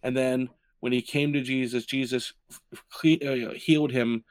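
A man co-hosting a podcast chats in an easygoing manner, warming up as he retells a story. His voice sits in a middle range. The recording is dry and close. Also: mid-range voice, moderate pace, clean tone, no echo. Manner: animated storyteller, retelling scenes with quoted lines. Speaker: podcast co-host. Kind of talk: casual podcast conversation.

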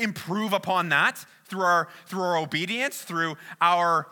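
A man's voice: high-pitched, unhurried, sharp tone. A man preaching a conversational sermon, often checking in with "right?" and restarting phrases. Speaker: pastor.

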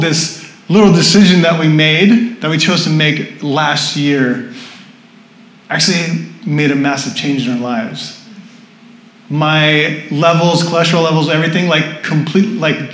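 A man's voice: fairly high pitch, moderate pace. Chatty man preaching in an echoey hall. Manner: chatty storytelling, laughs often. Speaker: pastor. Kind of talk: sermon. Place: church hall with audience.

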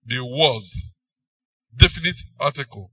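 A man with a Nigerian accent preaching a sermon, emphatic, swinging between loud and soft phrases. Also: mid-range voice, lively intonation, unhurried, husky, no echo, far from the mic, lo-fi sound.

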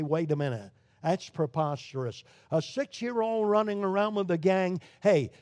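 A man from Brooklyn preaching a sermon, emphatic, with sudden swings between loud declarations and quiet, low lines. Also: no room sound. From Brooklyn, New York. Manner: emphatic preaching with sharp rises and drops in volume.

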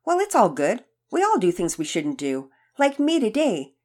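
A woman reading a storybook and voicing an earnest young boy who is eager to make things right, in a high, keen voice. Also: wildly swooping pitch, moderate pace, a little mellow.

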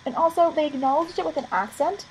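A woman's voice: sits high, animated, fast, a little hiss or hum, rough recording. A woman talking on a podcast, thinking aloud in long rambling sentences. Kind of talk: casual chat.

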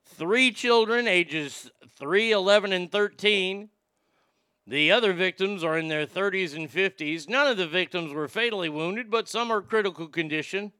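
A man's voice: high-pitched, normal speed, bright, forceful tone, clear, resonant tone, no room sound, studio quality. A man hosting a talk show, chatting casually in a blunt, sarcastic and profane way. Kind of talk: casual opinionated chat.

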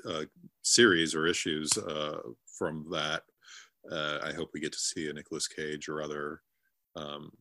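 Male co-host, low and bright-edged, halting delivery, dry sound. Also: level tone, dry recording. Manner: halting, many uh fillers. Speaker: podcast co-host. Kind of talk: casual chat.

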